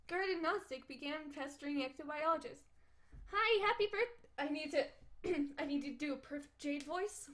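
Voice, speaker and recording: A woman's voice: high voice, fairly bright tone. A woman reading a webcomic aloud on a stream, often breaking off to laugh and comment. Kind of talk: casual read-aloud with asides. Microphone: desk microphone.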